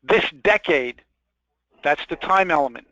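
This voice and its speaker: A man with a high, ringing voice leads a sales training webinar. He leans hard on key points and repeats them for weight. He poses questions straight to his listeners. The audio is muffled and lo-fi and carries no room sound. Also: expressive, measured pace, sharp tone, no room sound. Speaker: webinar presenter. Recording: dull lo-fi dry webinar audio.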